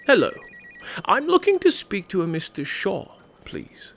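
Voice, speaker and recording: A velvet-smooth English con man on the phone, as a man acts him out, courteous and formal to a fault. His voice sits fairly high and swoops through a wide, lively range as he butters up his mark. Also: unhurried, background noise, full character voice. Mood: ingratiating. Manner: formal and unflappable. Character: smooth-talking polite English male phone scammer. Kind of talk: comedy sketch acting.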